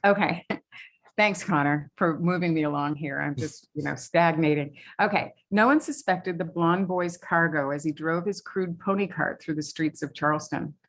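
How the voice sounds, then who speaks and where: Soft-pitched woman author reading aloud. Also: normal speed. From New England. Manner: hesitant with fillers between readings. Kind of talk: reading aloud from her novel at a library talk.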